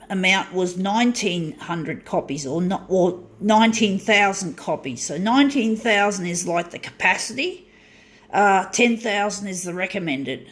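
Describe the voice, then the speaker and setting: A woman's voice: medium pitch, measured pace. A woman vlogging from her small home unit, ranting angrily with lots of swearing and stop-start restarts. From southern hemisphere. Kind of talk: casual ranting monologue.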